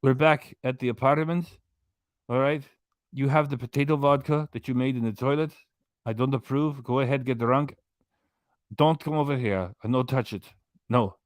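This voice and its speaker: A man's voice: medium pitch, moderate pace, long pauses, no room sound, natural voice. A man putting on the voice of a standoffish husband who scolds his wife in clipped broken English. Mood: scolding.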